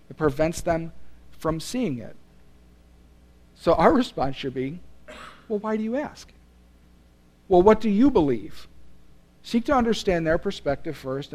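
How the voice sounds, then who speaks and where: Male pastor, sermon delivery, slightly high voice, earnest and emphatic. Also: a little mellow. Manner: earnest, emphatic preaching with rising and falling intensity.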